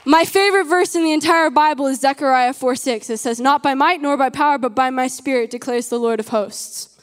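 A woman's voice: sits high, fairly quick, in a large hall. A woman giving an earnest, emphatic sermon to a live audience and asking them questions. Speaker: preacher.

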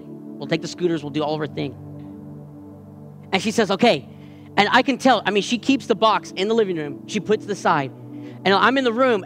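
A man in his thirties preaching a sermon, telling a family story with lively impressions of the people in it. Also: sits high. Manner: animated storytelling, acting out the voices of his daughter and others. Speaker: pastor.

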